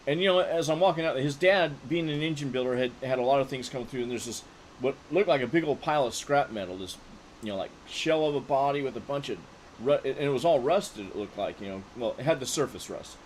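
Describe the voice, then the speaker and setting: Male streamer, mid-pitched, rambling anecdote with lots of fillers, faint noise. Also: a little fast, rough recording. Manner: rambling, full of fillers and restarts. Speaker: game streamer. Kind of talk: casual storytelling while gaming.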